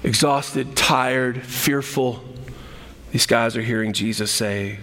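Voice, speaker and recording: A man's voice: medium pitch, fairly even intonation, takes it slowly, a bit bright. A man preaching a sermon, telling the story animatedly, with frequent repeats and restarts. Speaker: pastor. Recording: long hall reverb.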